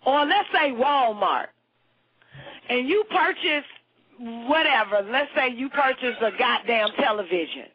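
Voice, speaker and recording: A man's voice: extremely high pitch, animated, a little slow, breathy edge. A man hosting an internet radio call-in show, ranting in a profane, preachy and emphatic way. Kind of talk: heated call-in radio rant. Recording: muffled lo-fi internet radio audio.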